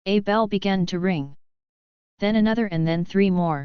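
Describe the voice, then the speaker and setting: A woman narrating an audiobook in a steady, measured reading. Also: mid-range voice, clean tone, no echo, lo-fi sound. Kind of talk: scripted narration.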